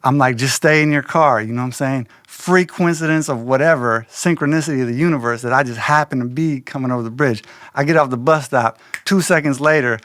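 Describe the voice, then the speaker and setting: A man telling a personal story in loose, slangy, animated casual talk, slipping into quoted voices. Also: mid-range voice, fairly quick, hardly any pauses, dry recording, studio quality.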